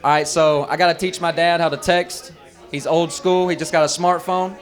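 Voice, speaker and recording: Male stand-up comic, brash and profane, slightly high voice, live bar set. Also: fairly even intonation, moderate pace, some chatter behind. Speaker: stand-up comedian. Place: bar stage at an open mic.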